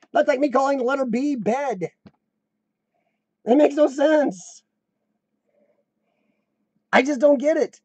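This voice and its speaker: A rambling, joking American man chats on his live stream, his voice pitched high with a mellow, dark edge. The sound is dry and close, with no room echo. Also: lively intonation, slow, long pauses, husky. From United States. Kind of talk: casual live-stream chat.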